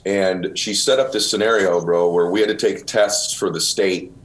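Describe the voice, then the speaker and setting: A man's voice: low-pitched, fairly even intonation, normal speed. A middle-aged man, host of the show, earnestly telling a personal story and getting choked up, calling the listener brother. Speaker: podcast host.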